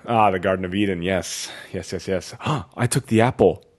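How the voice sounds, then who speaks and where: A man's voice: deep voice, moderate pace, a little mellow, a little hiss or hum. A man giving casual, jokey let's-play commentary, wondering aloud as he plays a video game.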